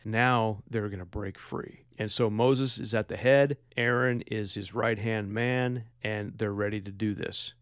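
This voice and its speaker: A man's voice: mid-range voice, dry recording, studio quality. A man hosting a devotional podcast, reading scripture and explaining it in a plain, conversational way. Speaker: podcast host and Bible teacher.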